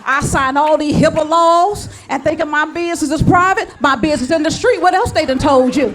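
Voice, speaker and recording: A woman doing stand-up, telling a story with lively dialogue and acting out both sides of phone calls. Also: high voice, a little fast. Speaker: stand-up comedian. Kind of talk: stand-up comedy routine.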